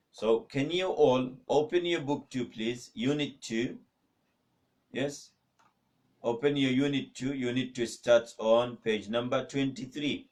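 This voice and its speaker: A man teaching an online Arabic lesson from a mosque, slowly repeating words and asking viewers to write in the comments. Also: medium pitch. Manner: slow, repetitive drilling, asks for comments.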